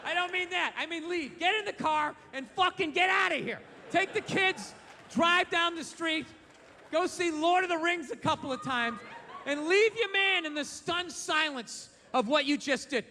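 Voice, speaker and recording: A man doing a stand-up comedy rant, profane and bursting into shouts. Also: very high voice, normal speed, long reverb tail.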